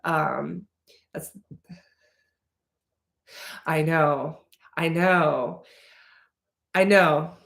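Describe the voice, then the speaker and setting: Woman streamer rambling through fan questions, kinda low voice, roomy echo. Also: drawn-out words, gravelly, long pauses, fairly bright tone. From Slavic heritage. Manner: rambling, playful, lots of fillers and restarts. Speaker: livestream host answering questions. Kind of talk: casual livestream Q&A.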